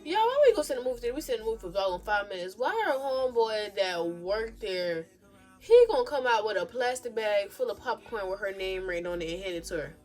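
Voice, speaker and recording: A young woman, chatting casually as a vlogger telling a storytime, animated and sassy, swinging between loud outbursts and low mumbles. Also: fast talker, faint music behind.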